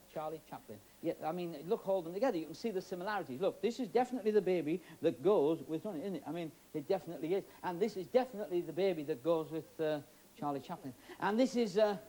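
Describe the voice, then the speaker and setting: A man's voice: high voice, mellow. A middle-aged man with a Yorkshire accent, a stage magician chatting and joking with volunteers on a TV studio stage. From Yorkshire, England. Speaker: magician host. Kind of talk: stage magic patter with audience. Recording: old TV broadcast with faint hiss.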